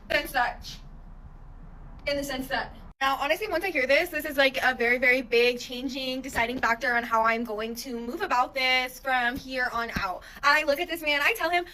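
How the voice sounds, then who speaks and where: A young woman telling a wild personal story in a casual monologue, animated, exasperated and full of swearing. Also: high-pitched, moderate pace, a little hiss or hum, rough recording. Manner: animated, profane, exasperated retelling.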